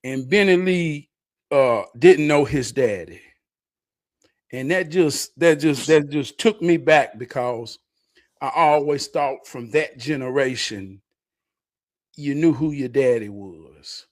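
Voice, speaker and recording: A man on a casual talk show recalling an old friend in an earnest, halting way. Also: mid-range voice, dry recording, studio quality. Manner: earnest, halting, restarts when telling a story. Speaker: podcast co-host. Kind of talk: casual storytelling.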